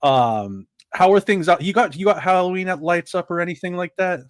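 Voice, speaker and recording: A man's voice: sits high, fairly quick, no echo, clean studio sound. Chatty man in his thirties. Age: 30s. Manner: rambling, chatty storyteller. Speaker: podcast co-host. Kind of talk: casual sports podcast chat.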